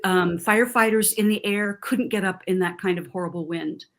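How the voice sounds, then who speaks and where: A middle-aged woman from Southern California speaks on a TV panel in a voice of ordinary pitch for a woman. Her storytelling is emotional and animated, and she acts out the people she quotes. She is recorded on a studio lapel mic. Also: moderate pace. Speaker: panelist on a TV talk show. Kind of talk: personal account on a TV panel.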